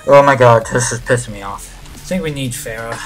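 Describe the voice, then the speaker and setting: A man giving excited live commentary on his own gameplay, reacting loudly to the action and muttering to himself between moments. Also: mid-range voice, brisk, soft background music. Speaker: gaming channel host.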